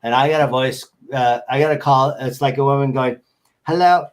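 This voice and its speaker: A man's voice: mid-range voice, level tone, a little fast. A man chatting as a guest on a show, rambling and joking as he tells stories over a video call. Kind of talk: casual chat.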